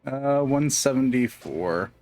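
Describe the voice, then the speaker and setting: A man's voice: medium pitch, animated, slow, a little mellow. A man chatting casually while playing a co-op game, rambling and laughing often. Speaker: co-op game streamer. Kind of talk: casual gaming chat.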